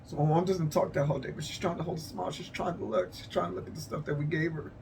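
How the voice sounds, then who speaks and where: Man giving a halting, emotional testimony. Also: a little high, steady tone, gravelly, noisy background. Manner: emotional, halting, repeats phrases, sighs. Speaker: vlogger sharing a personal story. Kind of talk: unscripted personal testimony.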